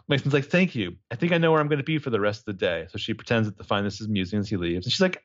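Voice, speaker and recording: A man's voice: medium pitch, fast talker, few pauses, dry recording, lo-fi sound. A man casually recapping a TV episode as a podcast co-host, animatedly acting out the characters' lines with plenty of swearing. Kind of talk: casual chat.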